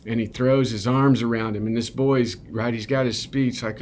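A man's voice: medium pitch, fairly even intonation, normal speed, hardly any pauses, darkish tone, slight background noise. A man giving a conversational, earnest sermon at a recovery ministry, often checking in with "right?". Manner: earnest, keeps asking "right?".

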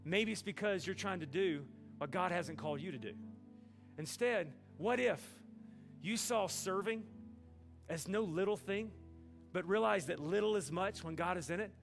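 A man's voice: high-pitched, normal speed, vocal fry, soft background music. A man from Alabama, preaching a sermon in a folksy, humorous storytelling way. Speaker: pastor.

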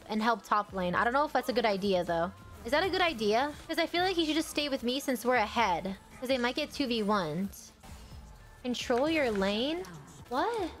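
A young woman streaming a game from home, chatting casually and quick to burst into excited exclamations. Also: on the high side. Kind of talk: casual gaming commentary.

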